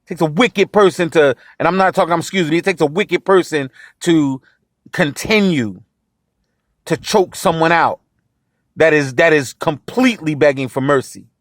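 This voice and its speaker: A man's voice: on the high side, moderate pace, no room sound, clean studio sound. A man hosting a podcast in impassioned solo commentary, outraged and emphatic, repeating phrases for force. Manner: outraged, voice rising and pressing. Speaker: podcast host.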